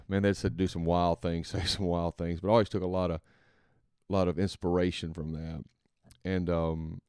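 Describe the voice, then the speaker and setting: A man hosting a reflective faith podcast, thinking aloud in a rambling, halting way and often trailing off softly. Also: deep voice, clean tone, no room sound, studio quality. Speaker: podcast host and father.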